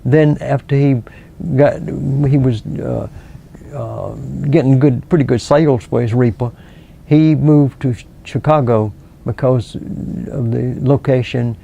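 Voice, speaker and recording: An older man from South Carolina, a local author and historian answering interview questions slowly, with many pauses and restarts. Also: mid-range voice, steady tone, dark tone. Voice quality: gravelly.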